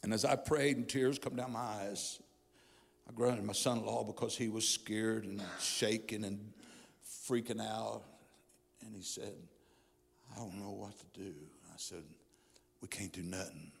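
Gravelly man preaching in a reverberant church. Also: lowish voice, fairly even intonation, unhurried. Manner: testimony preaching, rising from hushed to fervent. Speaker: pastor. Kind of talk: sermon. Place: church sanctuary. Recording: long hall reverb.

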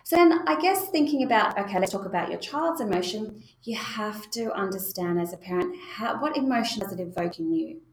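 Female parenting educator, mid-pitched, reassuring tone, echoey room. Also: animated, fairly quick, few pauses, slight background noise. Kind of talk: spoken parenting lesson.

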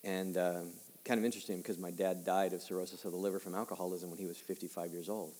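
This pastor, a man in his fifties with a deep voice and flat delivery, preaches a sermon built on personal stories in a conversational way. He goes quiet and slow at heavy moments and lifts his voice for emphasis, with long hall reverb on the recording.

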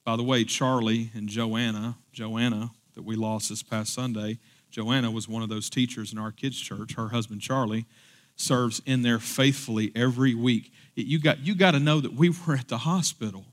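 A male pastor preaching in a church. His voice sits at an ordinary middle pitch. He talks in a casual, chatty way and then climbs to loud, emphatic peaks. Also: fairly even intonation, normal speed. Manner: conversational, building to emphatic peaks. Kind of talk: sermon.

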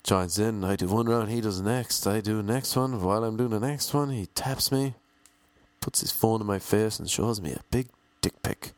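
Irish guy rambling deadpan, low flat voice, dry close sound. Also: moderate pace, no echo. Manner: monotone, deadpan, self-mocking. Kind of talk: rambling comic monologue.

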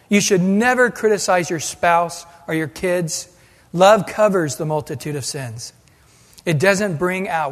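A man preaching a sermon as pastor, animated and acting out the voices he quotes. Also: sits high. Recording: long hall reverb.

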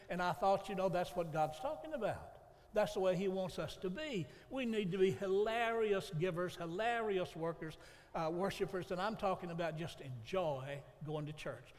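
A preacher speaks in a bright, high voice, spinning homespun stories from the pulpit. His sermon rings through a church sanctuary with a long reverb trailing each phrase. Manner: folksy storytelling preacher. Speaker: pastor.

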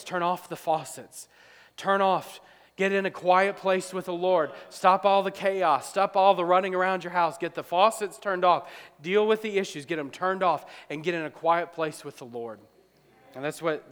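A man preaching a sermon, acting out dialogue, swinging from loud to quiet. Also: a little high. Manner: preaching, acts out dialogue, rises loud then drops quiet. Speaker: pastor. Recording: long hall reverb.

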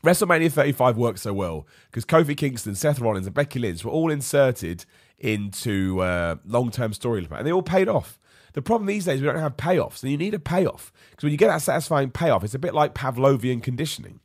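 A man's voice: mid-range voice, lively intonation, brisk, slightly rough, no echo, studio quality. A man hosting a live wrestling podcast, opinionated and ranty, ill and losing his voice. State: ill, voice going. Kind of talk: live-streamed podcast rant.

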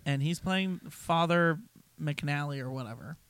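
A man's voice: on the high side, a little slow, fairly bright tone, clean tone. Sarcastic male movie-review co-host. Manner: sarcastic, exasperated, mocking voices when retelling scenes. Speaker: podcast co-host. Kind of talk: casual movie review chat.

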